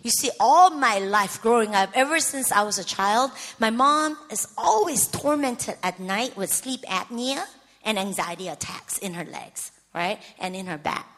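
A middle-aged woman preacher giving an emotional sermon testimony, swinging from hushed to shouting. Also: medium pitch, expressive, a little slow, in a large hall.

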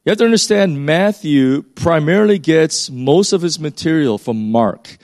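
A man's voice: fairly high pitch, normal speed, a little mellow, no echo, studio quality. A man, a pastor, reading a Bible passage aloud and then explaining it in a casual teaching voice with fillers and restarts.

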